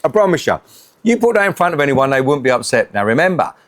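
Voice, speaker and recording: A man's voice: medium pitch, big pitch swings, fast, fairly bright tone. A middle-aged man hosting a casual cooking vlog, joking, laughing often and swearing freely. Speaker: home cooking vlogger.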